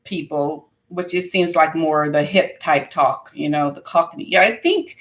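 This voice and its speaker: A woman's voice: low-pitched, fairly even intonation, a little slow. An American woman hosting a podcast, chatting casually and thinking aloud with lots of fillers and restarts. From United States. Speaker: podcast host. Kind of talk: casual chat.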